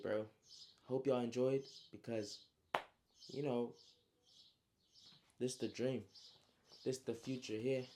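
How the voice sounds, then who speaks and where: A young man retells his own story in a loose, slang-heavy storytime style. He fills it with spoken sound effects and casual asides. His voice is mellow and dark-toned. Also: mid-range voice, a little hiss or hum. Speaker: author recapping his story.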